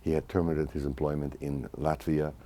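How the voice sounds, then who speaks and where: A man in his eighties who grew up in Hungary, recalling his childhood in a measured, reflective oral history interview. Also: extremely low pitch, level tone, dark tone. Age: 80s. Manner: measured, reflective, restarts mid-phrase.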